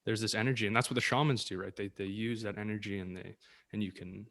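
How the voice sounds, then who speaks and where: A man with a lowish voice chats earnestly, looping around his point with lots of "like"s and restarts. It sounds relaxed and unscripted, like a casual podcast conversation. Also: quick pace. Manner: earnest and rambling, many "like"s.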